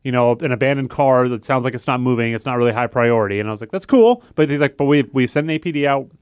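A man's voice: medium pitch, fairly even intonation, very fast, clear, resonant tone, dry recording, clean studio sound. A young man co-hosting a casual talk show, telling a long story and acting out the voices of the people in it. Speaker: podcast co-host.

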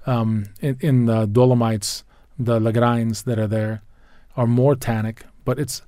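A man's voice: medium pitch, flat delivery, a little slow, mellow, no echo, clean studio sound. A man talking food and wine pairings in a casual chat, enthusiastic and rambling, often restarting his sentences and spelling out wine names. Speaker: wine expert guest.

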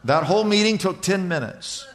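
A man preaching a sermon as pastor, telling a story with lively delivery and acting out the people he quotes. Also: high voice, moderate pace, long reverb tail. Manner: animated storytelling, voicing other people in anecdotes.

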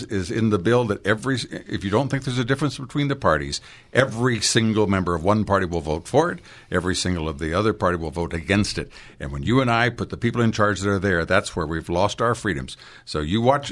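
Fast-talking older politician, low voice. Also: male voice, fairly bright tone. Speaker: former congressman guest. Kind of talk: political talk radio commentary.

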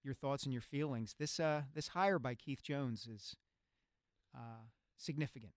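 A man hosting a sports talk radio show, articulate and brisk, on a studio microphone. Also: medium pitch, dry recording.

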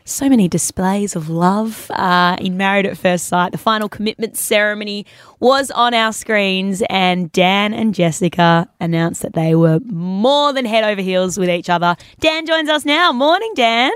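An Australian woman co-hosting breakfast radio, upbeat and quick to laugh. Her voice is mid-pitched and dry, close to the studio mic with no room sound. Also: clean tone, no echo. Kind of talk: casual radio banter. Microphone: studio microphone.

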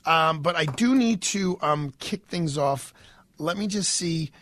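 A man's voice: a little high, animated, a little slow, a bit bright, no room sound. A man with a New York accent hosting a radio talk show, stuffed up with a cold, rambling and stammering with many fillers.

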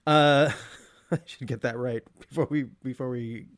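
A man's voice: mid-range voice, fairly even intonation, a little slow. A man co-hosting a podcast, chatting casually and enthusiastically about a film, often laughing. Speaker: podcast co-host.

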